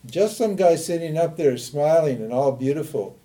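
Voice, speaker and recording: A man's voice: a little high, lively intonation, moderate pace, dark tone. An older man from Montana, giving an emphatic teaching talk and answering his own rhetorical questions. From Montana, USA. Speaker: spiritual teacher.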